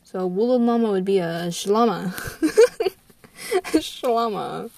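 A woman's voice: medium pitch, very animated, takes it slowly, warm tone. A young American woman in her teens, rambling casually and scatterbrained, trailing off, restarting and giggling between thoughts. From United States. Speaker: vlogger.

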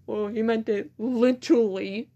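A high-voiced teenage girl recounts classroom stories in loose, casual chat. She giggles through her sentences, swears casually and slips into animated voices when she quotes classmates and teachers. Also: measured pace, lo-fi sound. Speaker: student. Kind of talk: casual storytelling.

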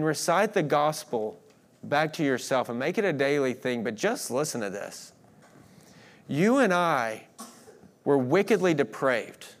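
A man preaching a sermon, earnest, swinging between emphatic declarations and hushed moments. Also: on the high side. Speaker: pastor.

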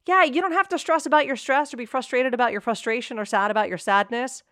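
A woman's voice: fairly high pitch, quick pace, a bit bright, no echo, clean studio sound. A woman hosting a motivational self-help talk, speaking straight to the listener with upbeat rhetorical questions.

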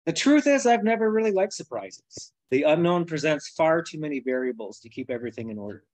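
A man author reading his novel aloud in plain, even first-person narration over a video call. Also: on the high side, brisk, hardly any pauses, no room sound, rough recording.

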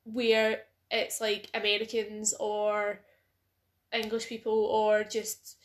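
A woman's voice: mid-range voice, monotone, slow. A young Scottish woman co-hosting a podcast, chatting casually, often laughing and swearing. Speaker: podcast co-host. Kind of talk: casual chat.

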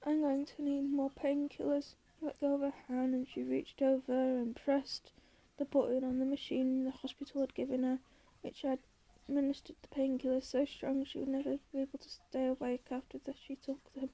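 A woman reads a story aloud in a quiet, measured way. Her voice is high and very mellow, and it stays steady with little rise and fall. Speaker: narrator. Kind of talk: audiobook reading.

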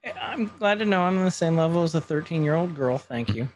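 A man's voice: fairly high pitch, animated, quick pace, a little hiss or hum. A man chatting casually as he recaps a show, acting out quotes of the dialogue.

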